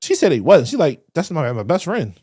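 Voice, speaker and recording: A man co-hosting a podcast, telling a story in casual chat and jumping high in pitch when he gets excited. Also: brisk, slightly rough, no echo, clean studio sound. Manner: animated, breaks into high excited pitch while telling stories. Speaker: podcast co-host.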